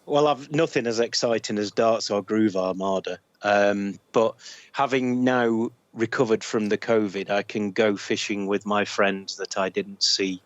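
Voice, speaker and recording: Slow, deliberate northern English man. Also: fairly low pitch, steady tone, dry recording, highs cut off. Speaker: podcast quizmaster. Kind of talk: casual podcast quiz.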